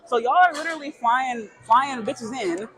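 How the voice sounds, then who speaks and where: A young adult woman co-hosting a casual chat, telling a lively story, swearing freely and acting out the people she quotes. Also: sits high, moderate pace, a crowd in the background, low-quality recording. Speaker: podcast co-host.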